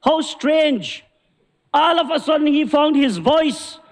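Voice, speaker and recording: Belizean guy ranting in parliament, really high voice, long echo in the chamber. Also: animated, takes it slowly. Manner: forceful, indignant oratory, repeating "Madam Speaker". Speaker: government minister. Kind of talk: parliamentary speech.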